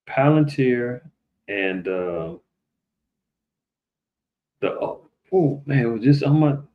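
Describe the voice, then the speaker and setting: A man hosting a livestream, talking loosely to his viewers and often turning to address them directly. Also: phone-quality sound. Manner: loose and conversational, addresses viewers directly, mimics people in higher voices. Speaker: livestream host. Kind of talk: casual livestream commentary.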